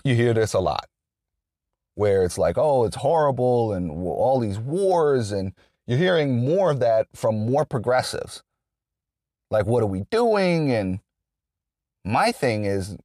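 Low-voiced man in a dry, rambling monologue. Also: dark tone, no echo. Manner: rambling, restarts often, many fillers. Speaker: political commentator. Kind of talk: unscripted political monologue.

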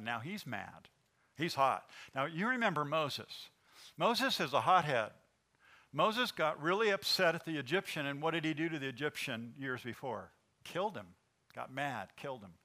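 A man preaching a sermon as pastor, animated and asking the congregation questions. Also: a little high.

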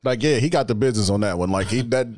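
A man's voice: fairly low pitch, rapid-fire, a little mellow, dry recording, studio quality. A man co-hosting a casual podcast, telling stories loosely with lots of fillers. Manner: loose storytelling with many "like" fillers. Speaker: podcast co-host. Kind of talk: casual chat.

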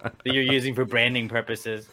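Young podcast co-host, bright tense tone, angry swearing fan venting. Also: male voice, mid-range voice, flat delivery, moderate pace, a little hiss or hum. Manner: angry, profane ranting about his football team. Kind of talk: casual podcast rant.

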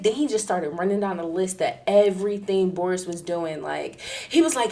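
A young woman telling a casual story in an animated, profane way, acting out the people she quotes. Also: normal speed. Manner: acts out quoted people in a higher, louder voice.

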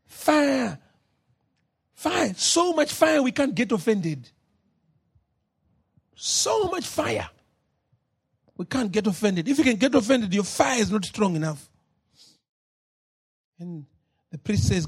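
High-pitched husky preaching man. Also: very animated, takes it slowly, pauses often. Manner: swings between loud shouted preaching and low quiet asides. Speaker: pastor. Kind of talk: sermon.

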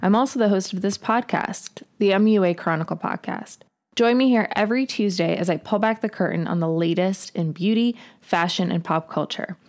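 A woman's voice: mid-range voice, moderate pace, a little mellow. A woman hosting her own podcast in a chatty, upbeat monologue, recorded while traveling away from a studio. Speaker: podcast host.

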